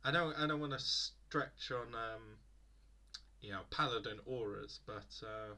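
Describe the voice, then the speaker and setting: A man's voice: mid-range voice, unhurried, pushed and bright. A man acting as game master, chatting casually and laughing often while planning a tabletop campaign.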